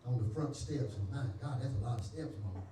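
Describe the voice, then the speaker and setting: Southern pastor in an echoey hall. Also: male voice, medium pitch, fairly quick, a crowd in the background. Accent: Southern US, North Carolina. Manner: folksy storytelling with dialect, acting out dialogue. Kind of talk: testimony preached to a congregation. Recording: echoey church hall, distant mic.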